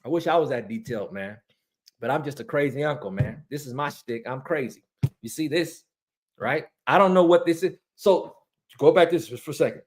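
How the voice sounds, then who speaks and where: A man ranting casually to his viewers, excitable and rambling, repeating himself, his voice cracking high when he gets worked up. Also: fairly quick. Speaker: online ranter reviewing movies and shows.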